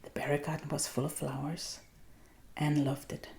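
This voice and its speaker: A woman with a Danish accent reading a children's story aloud in a soft, gentle ASMR voice, often half-whispered. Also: low-pitched, level tone, moderate pace, gravelly. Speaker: reader.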